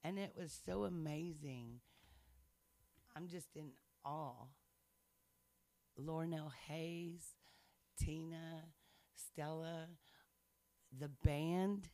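A man's voice: a little high, extremely slow, long pauses, mellow, dry recording. A man sharing his faith testimony in casual chat, earnest and playful, laughing often.

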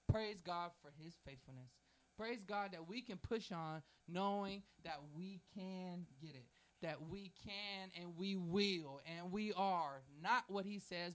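A man's voice: high-pitched, a little slow. A man preaching a sermon, fervent and emphatic, building repeated phrases, with folksy, informal asides. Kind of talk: sermon with a read-aloud prayer.

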